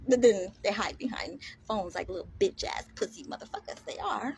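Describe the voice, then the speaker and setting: A woman's voice: medium pitch, animated, normal speed, a little mellow, a little hiss or hum. A woman delivering a defiant, profane rant to camera, combative and emphatic, repeating words for force. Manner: combative, heavy swearing, defiant.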